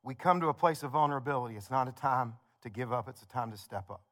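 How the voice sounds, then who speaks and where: A man's voice: mid-range voice, fast, fairly bright tone. A male pastor preaching a sermon in a conversational, story-telling way, building points with repeated phrases.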